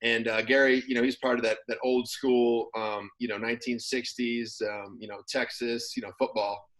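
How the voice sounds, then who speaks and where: A man talks in a relaxed, meandering way as an interview guest, leaning on plenty of fillers. His pitch sits in the middle range, and he keeps an easygoing conversational pace. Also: moderate pace, low-quality recording. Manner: relaxed, rambling with many fillers. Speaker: former pro football player, guest. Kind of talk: casual interview.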